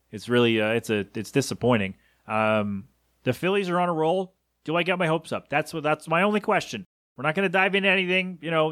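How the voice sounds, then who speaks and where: With a mid-range, somewhat bright voice, a podcast host chats casually about sports by himself. He keeps correcting himself and veering off into asides; the studio-quality recording carries no room sound.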